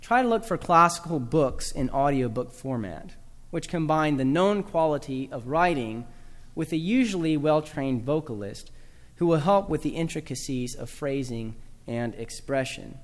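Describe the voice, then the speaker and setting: A man's voice: a little high, lively intonation, normal speed, long reverb tail. A man from the American South giving a talk to a live audience about teaching children proper speech, with dry humor and spoken examples.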